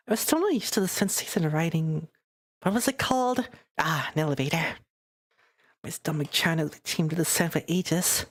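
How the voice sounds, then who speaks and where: A woman's voice: low-pitched, a little fast. A woman streamer reading a dating game aloud live, chatty and giggly, voicing the narration and lines.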